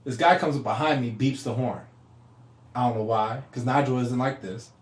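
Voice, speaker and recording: A young man co-hosting a casual podcast, telling a story with lively acted-out quotes and frequent laughter. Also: moderate pace. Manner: animated, acts out quotes with big pitch jumps, laughs often. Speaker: podcast co-host. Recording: echoey room.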